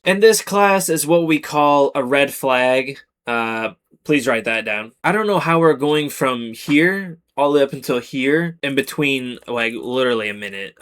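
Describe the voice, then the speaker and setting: A man's voice: mid-range voice, a bit bright. A man reading out Reddit posts and breaking in with sarcastic, exasperated commentary in a casual chat style. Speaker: Reddit story narrator.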